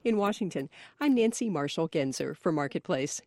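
A woman radio reporter delivering a scripted news story in a lively, storytelling way. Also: low-pitched, normal speed.

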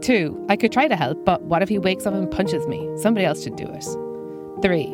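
A woman comedian tells a comic story about herself in a dry, self-mocking tone. Her voice sits a little low. Faint music plays under her. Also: lively intonation, a little fast. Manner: dry, self-deprecating delivery. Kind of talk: first-person comic storytelling.

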